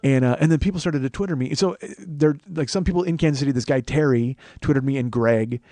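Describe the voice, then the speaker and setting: A man in his forties telling a comedic story, rambling and profane, correcting himself as he goes. His voice sits mid-pitch and sounds dry and close to the mic with no room sound. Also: fast, dark tone, dry recording. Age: 40s. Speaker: podcast host.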